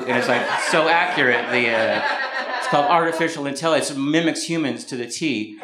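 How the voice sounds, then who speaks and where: A male stand-up comic from Mountain View, California, talks a little fast with few pauses in a mid-range voice. He rambles and mocks himself on a club stage before a live audience, captured in a roomy recording with background noise.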